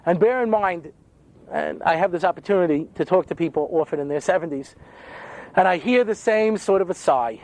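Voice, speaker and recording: Older guy, rabbi joking through a lecture, high voice that jumps all over. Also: fast, dry recording. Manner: animated storytelling with jokes and acted-out quotes. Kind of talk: humorous lecture to an audience.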